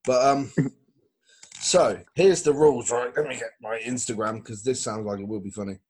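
A man's voice: medium pitch, normal speed, a little mellow, husky. A man hosting a podcast, joking and swearing through casual banter. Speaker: podcast host.

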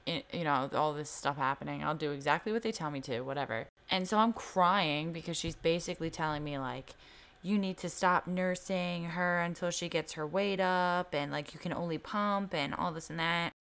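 A woman's voice: deep voice, normal speed, vocal fry, fairly bright tone, clear, resonant tone. A young woman telling a personal story in casual podcast chat, candid and swearing freely, full of "like" fillers. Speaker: podcast co-host.

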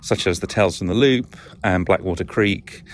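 Chuckling often and poking fun at himself, a man hosts a solo podcast in a casual, rambling style with a Lancashire accent. He speaks at a moderate pace in a deep voice, over slight background noise.

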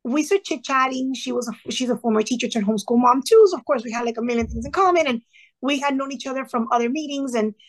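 Lively storytelling woman, high-ish voice. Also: quick pace. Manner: lively, acts out dialogue in her stories; sprinkles in Spanish phrases. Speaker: podcast guest, retired teacher. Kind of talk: casual storytelling interview.

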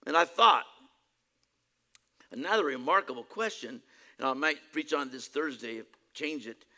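A male preacher giving a sermon, emphatic, swinging between loud exclamations and quiet asides. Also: on the high side, animated, unhurried.

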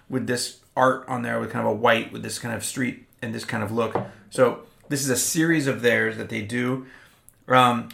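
A man with a gravelly, fry-laced voice at a middling pitch co-hosts a laid-back beer-tasting chat. He talks in an animated way, often stumbling into quick restarts. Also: a little hiss or hum. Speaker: podcast co-host. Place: Austin.

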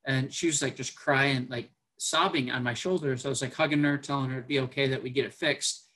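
A man's voice: mid-range voice, fairly even intonation, fairly quick, bright, forceful tone, low-quality recording. A man, a military officer, earnestly telling a personal story in a podcast conversation, with many fillers.

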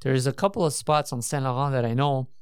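A man's voice: medium pitch, fast, a little mellow, smooth, no room sound, studio quality. A man co-hosting a casual chat, asking curious questions and reacting briefly. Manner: curious interviewer, short reactions.

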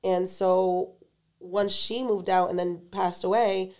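A woman's voice: fairly low pitch, steady tone, slow, mellow. Woman, co-host, candid and reflective, conversational. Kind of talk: casual chat.

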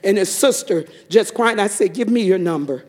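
A man giving a fervent testimony to a church congregation, telling a story and breaking into shouted praise. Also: sits high, expressive, moderate pace.

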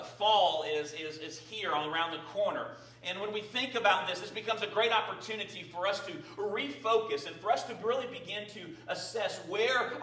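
Bright-voiced pastor in a roomy sanctuary. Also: male voice, on the high side. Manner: prayerful, conversational with fillers. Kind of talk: sermon. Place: church sanctuary. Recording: roomy, distant from the mic.

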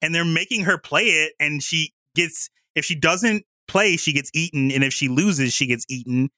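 Bright-voiced man rambling through a story. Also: fairly high pitch, no echo. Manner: rambling, animated retelling with quick voices for characters. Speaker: podcast co-host recapping a book. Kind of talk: casual chat.

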